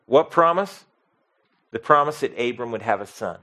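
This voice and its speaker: A man preaching a sermon as pastor, expressive, swinging from soft to loud and asking the congregation questions. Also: medium pitch, normal speed.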